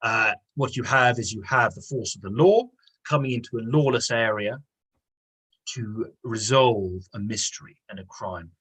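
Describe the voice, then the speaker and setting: A man's voice: fairly low pitch, normal speed, fairly bright tone, slightly rough, rough recording. A man teaching an online English lesson. He explains patiently and repeats key words. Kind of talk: online lesson with reading aloud.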